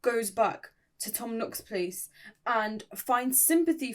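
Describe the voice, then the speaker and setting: Young woman, host, casual story recap, playful and chatty, a bit high-pitched. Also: expressive, takes it slowly. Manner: chatty and playful, laughing often, dramatic asides.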